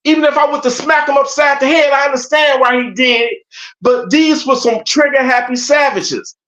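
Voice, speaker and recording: High-pitched guy on a podcast, cussing and hammering his points home, muffled lo-fi audio. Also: moderate pace, bright, forceful tone. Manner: emphatic, profane storytelling. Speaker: podcast guest. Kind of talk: casual podcast conversation. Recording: dull lo-fi audio.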